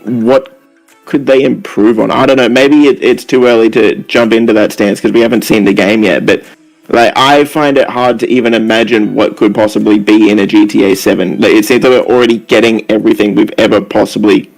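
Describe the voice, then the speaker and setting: A man on an online group call, rambling and thinking out loud as a guest panelist. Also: on the low side, steady tone, a little fast, creaky, faint music behind, poor audio. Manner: rambling, leans on "like" while thinking aloud. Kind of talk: casual online group chat. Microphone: online call microphone.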